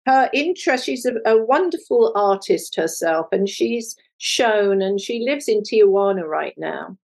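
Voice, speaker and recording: An older woman, an artist being interviewed, telling a personal story in a lively conversational way and acting out the voices of people she quotes. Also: medium pitch, a little slow, gravelly, low-quality recording. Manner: animated, acts out quoted voices. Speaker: guest, multimedia artist.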